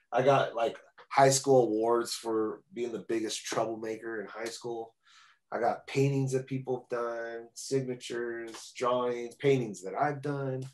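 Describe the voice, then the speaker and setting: A man's voice: medium pitch, darkish tone, rough recording. A man guest on a podcast, speaking over a video call from a cluttered home room, loose and joking, and he stumbles over repeated words. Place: home room packed with records and memorabilia.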